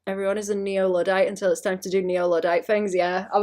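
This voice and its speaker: A British woman chats loosely on a live art stream, wandering from thought to thought and laughing at herself. She talks to her viewers one moment and mutters quietly over her canvas the next, in an easy mid-range voice. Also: medium pitch, level tone, quick pace. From Britain. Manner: rambling, self-mocking, often trails off to mutter. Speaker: streaming artist. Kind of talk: casual stream chat while drawing.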